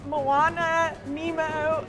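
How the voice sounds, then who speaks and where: High-voiced female tennis player, playful. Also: flat delivery, drawn-out words, fairly bright tone, soft background music. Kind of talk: answering quick-fire questions.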